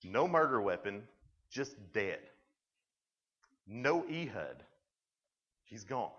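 Low-voiced guy doing a chatty camp sermon, lots of "like", dull lo-fi recording. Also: slow, husky. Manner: lively, conversational storytelling with many "like"s. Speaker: camp speaker.

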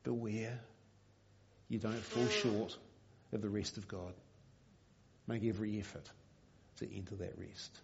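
A man preaching a sermon, reading a story aloud in a measured, quiet way. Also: on the low side, level tone, vocal fry, slight background noise. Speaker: pastor. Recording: dull lo-fi recording.

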